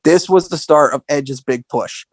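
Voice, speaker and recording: A man tells the story in casual podcast chat. His voice sits a bit high, and he keeps the pace lively by jumping into other people's quotes. The sound is dry and close, with no room behind it. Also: measured pace, dry recording. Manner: animated storytelling, acts out quotes in a raised voice. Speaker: podcast co-host. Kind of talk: casual wrestling recap.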